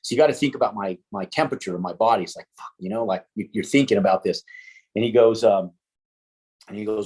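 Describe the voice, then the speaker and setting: A middle-aged man tells a story from his own past, relaxed and conversational. His voice sits a bit low and has a husky edge. He swears freely and acts out other people's lines in dialogue. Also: fast talker, pauses often. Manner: swears casually, animated with quoted dialogue. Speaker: interview guest, entrepreneur. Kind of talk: casual storytelling.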